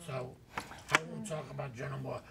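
Gravelly older male talk show host. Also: medium pitch, fairly quick, very noisy. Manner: rambling storyteller, animated. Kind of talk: anecdotal chat.

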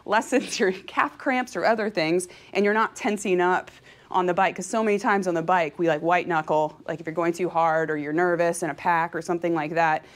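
A woman from California giving a motivational talk to an audience, energetic and chatty, laughing often and speaking with open feeling. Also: fairly low pitch, fairly quick. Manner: emotional and openly heartfelt. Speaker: professional cyclist giving a talk.

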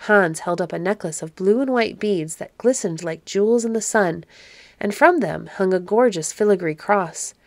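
A woman reading a classic storybook aloud as narrator, measured and expressive. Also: medium pitch, no echo.

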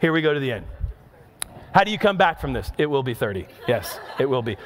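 A man's voice: medium pitch, sing-song, a little fast. A male pastor in his thirties preaching in a church, moving between chatty storytelling with asides to the crowd and emphatic, repeated questions. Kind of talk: sermon. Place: church auditorium. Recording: long reverb of a large hall.

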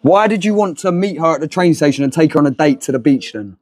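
Man, high voice, mocking and confrontational, keeps saying mate. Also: animated, fast, a little mellow. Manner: taunting, mocking, repeats "mate". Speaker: second confronter in a sting. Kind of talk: heated street confrontation.

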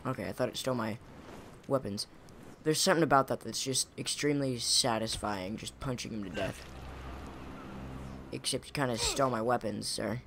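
A man's voice: mid-range voice, moderate pace, gravelly. A young man giving casual, rambling commentary over his own gameplay, often correcting himself mid-sentence. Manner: rambling, self-correcting, chuckling. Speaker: gaming YouTuber. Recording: audible background noise.

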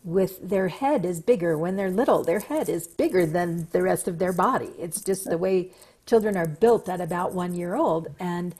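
Husky-voiced woman host. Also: on the low side, darkish tone. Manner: measured, with thoughtful pauses and fillers. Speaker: podcast host. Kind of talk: conversational interview talk.

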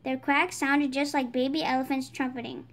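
A woman reading a children's picture book aloud, brightening her voice for the characters' lines. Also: high voice, flat delivery, normal speed. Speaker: storybook reader. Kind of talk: children's read-aloud narration.

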